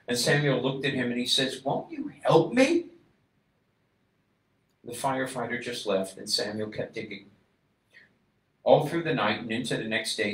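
Rabbi preaching in an echoey room. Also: male voice, on the low side. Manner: acts out quoted voices, builds to loud emphatic climax. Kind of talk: sermon storytelling. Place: synagogue. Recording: echoey room, voice a bit distant from mic.

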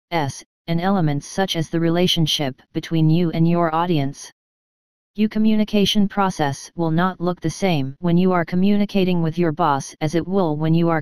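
A woman in scripted narration, reading a course lesson in an even, measured way. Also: lowish voice, clear, resonant tone, no room sound.

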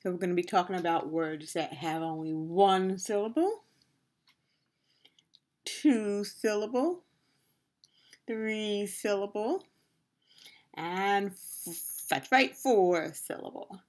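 A woman teaching a video lesson to young children, slow and encouraging, pausing to let them answer. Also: mid-range voice, darkish tone. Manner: slow, sing-song, encouraging, with questions and pauses for answers. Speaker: preschool teacher.

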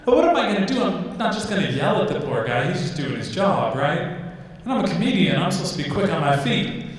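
A man's voice: sits high, sing-song, brisk. A man doing a stand-up comedy set, telling a story and acting out the voices in it. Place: large hall with a live audience. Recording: echoey hall recording from far off.

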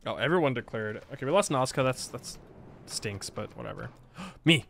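A man's voice: mid-range voice, expressive, moderate pace, gravelly, a bit bright. Playful man in mock-annoyed game commentary. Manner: playful, self-mocking, laughs often, mock-annoyed. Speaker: gaming video creator. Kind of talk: casual let's-play commentary.

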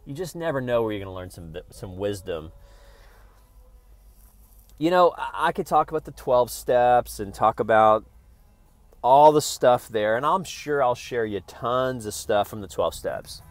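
A man rambling in a casual vlog, swearing often and swinging between loud outbursts and low mumbles. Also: animated, measured pace, no room sound. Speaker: vlogger. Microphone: phone camera. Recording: music playing in the background.

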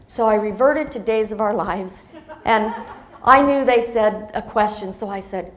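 A woman's voice: medium pitch, a little slow, echoey room. A woman in her fifties giving a motivational speech to an audience, telling a personal story expressively and acting out the dialogue. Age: 50s. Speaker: motivational speaker.

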